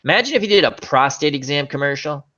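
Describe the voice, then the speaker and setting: A man hosting a casual online chat show, rambling between jokes and quick asides. His voice is bright and forceful and swings widely in pitch. The sound is a little dull and lo-fi. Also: expressive. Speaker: host.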